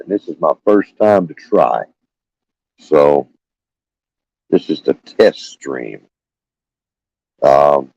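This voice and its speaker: Older homestead host, scratchy and low, unhurried folksy live-stream chat, dull phone sound. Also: male voice, dark tone, dry recording. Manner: halting, folksy, many fillers and restarts. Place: small room with fans running.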